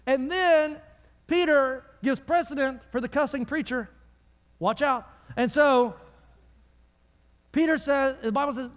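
A man preaching a sermon in a church, telling the story dramatically and dropping from loud to hushed. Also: very high-pitched. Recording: long reverb of a large hall.

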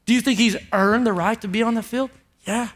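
A man's voice: sits high, steady tone, fairly quick, a bit bright. A man pastor preaching a sermon emphatically, asking the congregation rhetorical questions.

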